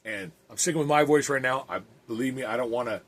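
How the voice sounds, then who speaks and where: A man's voice: mid-range voice, expressive, fast talker, creaky, fairly bright tone. A man who is an evangelist and podcast host, talking earnestly and plainly with some restarts and reading aloud.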